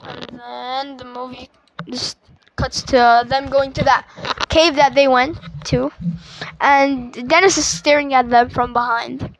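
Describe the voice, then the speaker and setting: Woman reviewer, unhurried casual plot recap, trips over words often. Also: high voice, steady tone, vocal fry, a little hiss or hum, rough recording. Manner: stuttering, restarts, filler-heavy. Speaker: movie reviewer.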